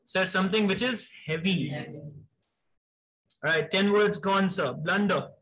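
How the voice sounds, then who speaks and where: Guy teaching vocab, highish voice, brisk quizzing, says sir a lot, mixes in urdu. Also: fairly bright tone, a little hiss or hum, rough recording. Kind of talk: live online class, quizzing students.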